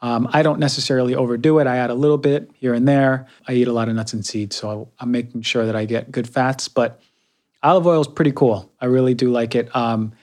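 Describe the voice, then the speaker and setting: A young adult man talking casually while reviewing health products, energetic and conversational, often using fillers and repeating words. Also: mid-range voice, brisk. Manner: frequent fillers like um and right. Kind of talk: casual monologue.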